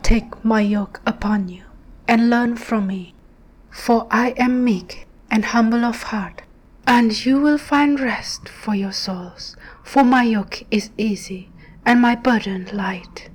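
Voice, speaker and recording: A woman voicing a gentle, sorrowful grown man in a devotional scripture reading, speaking softly and often dropping into a whisper. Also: very high voice, slow pace, exaggerated voice, rough recording. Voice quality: soft, partly whispered.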